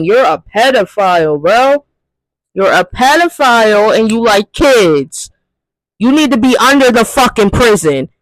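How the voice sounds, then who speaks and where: A man's voice: very high-pitched, no room sound, poor audio. A man ranting in a profane, exasperated movie commentary, firing off rhetorical questions. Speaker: commentary youtuber.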